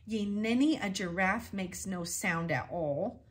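A woman's voice: mid-range voice, takes it slowly, husky. A woman voicing a blustering giant male outlaw who hurls old-fashioned oaths at his own men, read aloud from a storybook. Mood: angry.

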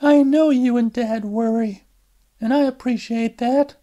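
A man voicing a weary young woman who is drained and exasperated, speaking in a strained falsetto. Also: steady tone, a little slow, mellow, muffled recording.

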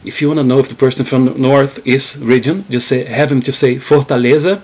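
A Brazilian man from Rio with a Carioca Portuguese accent, a native Portuguese speaker who talks through a casual video lesson in English, halting often with fillers and restarts. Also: medium pitch, steady tone, darkish tone. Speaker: language teacher.

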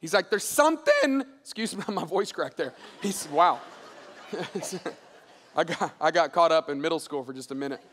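A middle-aged man with a fairly high voice delivers a sermon. He tells stories in a loose, conversational way and drops into a lower voice to act out the people in them. The sound carries a long reverb from a large hall. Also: normal speed, a little hiss or hum. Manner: animated storyteller acting out dialogue in a lowered voice. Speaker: pastor. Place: large church auditorium.

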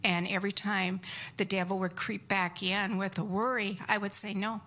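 A middle-aged woman giving an earnest personal testimony in a church service, telling her story haltingly with restarts. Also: medium pitch, flat delivery, bright, forceful tone.

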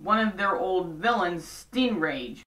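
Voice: mid-range voice, animated, takes it slowly, a bit bright. A casual show recap vlogger, chatty and throwing in sarcastic asides. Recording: roomy echo, distant from mic.

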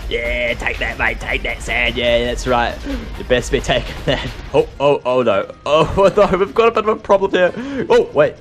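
A young man doing excitable gameplay commentary, exclaiming and laughing at his own mistakes. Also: medium pitch, moderate pace, few pauses, soft background music. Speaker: gaming YouTuber.

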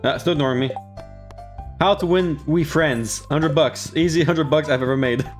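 A man's voice: on the high side, moderate pace, soft background music. A man giving casual, playful commentary on his own gameplay, talking to himself and jumping into silly voices. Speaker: let's play gamer.

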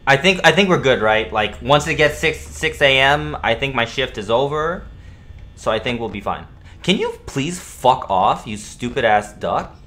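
A young man streaming a horror game, swearing, repeating himself and yelling at scares. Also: mid-range voice, lively intonation, normal speed. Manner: profane, jumpy, repeats himself, yells at jumpscares. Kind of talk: live gameplay commentary.

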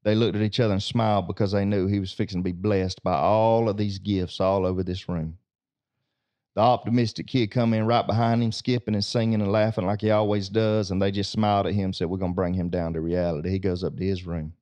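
A man's voice: lowish voice, steady tone, brisk, warm tone. A man tells a homespun tale as a discussion-show co-host. His manner is folksy and plainspoken, and he doubles back on his words on the way to the lesson. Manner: folksy, repeats words while building to a point. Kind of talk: folksy storytelling with a moral.

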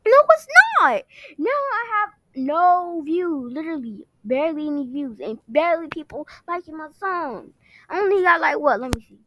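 Woman voicing a young male singer, whiny and accusing, high voice, dry close sound. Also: lively intonation, fairly bright tone, no room sound, low-quality recording. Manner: whiny, accusing, rapid complaints. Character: young man, famous singer boyfriend, defensive. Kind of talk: amateur online drama.

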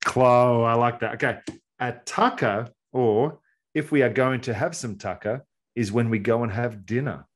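A man's voice: mid-range voice, moderate pace. Aussie guy cohosting a podcast, teasing and joking around, normal mid voice. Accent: Australian. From Australia. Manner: playful, teasing banter. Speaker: podcast co-host. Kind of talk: casual podcast chat.

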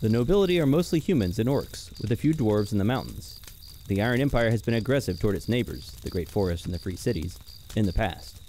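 A man narrating a scripted, measured recap as game master of a tabletop podcast. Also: lowish voice, expressive, darkish tone, slight background noise.

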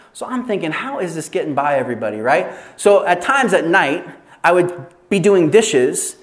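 A man with a high-pitched voice preaches at a training session, telling stories in an animated, chatty way. He laughs along with his own asides and pokes fun at himself. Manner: animated storytelling with laughter and self-deprecating asides. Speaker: pastor. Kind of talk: sermon at an evangelism training.

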